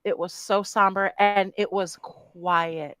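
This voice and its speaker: A woman's voice: medium pitch, fairly even intonation, slow, fairly bright tone, dry recording. A woman co-hosting a podcast in casual chat, frank and swearing, laughing easily. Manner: frank, swears, laughs often, reflective when recounting. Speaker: podcast co-host.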